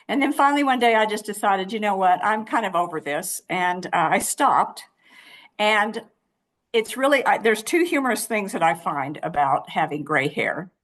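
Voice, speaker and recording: A woman's voice: medium pitch, fairly bright tone. A woman in her sixties, a guest in a casual interview, telling stories in a chatty way with many fillers and restarts. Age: 60s.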